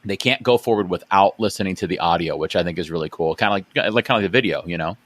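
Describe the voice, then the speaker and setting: A man's voice: deep voice, racing, fairly bright tone. A man hosting an education podcast interview, chatting casually with plenty of fillers and restarts. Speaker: podcast host.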